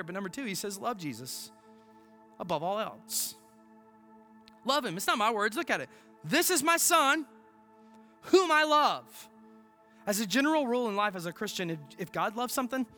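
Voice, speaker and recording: Pastor guy giving a sermon, emphatic, lots of rhetorical questions, really animated voice. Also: high-pitched, a little fast, long pauses, faint music behind.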